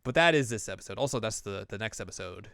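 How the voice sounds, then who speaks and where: A man's voice: fairly low pitch, lively intonation, fast, creaky, fairly bright tone, clean tone, no echo, studio quality. Chatty man recapping an anime. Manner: chatty, acts out the scenes he recaps. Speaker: podcast host. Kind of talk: casual chat recapping an anime.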